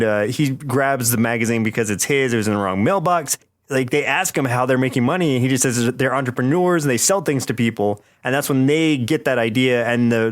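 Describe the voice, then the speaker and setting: A man co-hosting a casual chat podcast. He retells cartoon scenes in a lively way, laughs often and slips into quoted voices now and then. His pitch sits in the ordinary middle range for a man. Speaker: podcast co-host.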